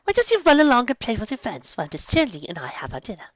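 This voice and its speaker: An elegant grown mare speaks in a refined, airy way, firm but gentle, played by a woman. Her pitch rises and falls expressively. The sound is dry and a little muffled. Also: huge pitch swings, quick pace, no echo. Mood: poised.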